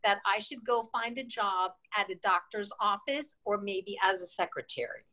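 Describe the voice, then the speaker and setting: A woman in her sixties from New York State, an interview guest telling lively stories and acting out the voices she quotes. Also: medium pitch, normal speed. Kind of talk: casual interview storytelling.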